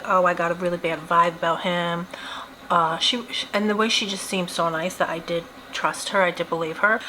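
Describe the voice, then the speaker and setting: A woman's voice: on the low side, a little hiss or hum, rough recording. A young woman chatting casually while doing her makeup, telling a story with lots of giggles and quoted voices. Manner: chatty, giggly, animated retelling. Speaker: beauty vlogger.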